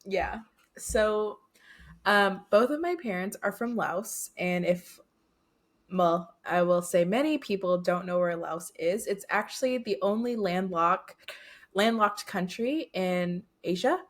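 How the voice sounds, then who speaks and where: A young woman co-hosting a podcast, explaining things in a steady, careful way. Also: medium pitch, slow pace. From United States. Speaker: podcast co-host. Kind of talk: casual chat.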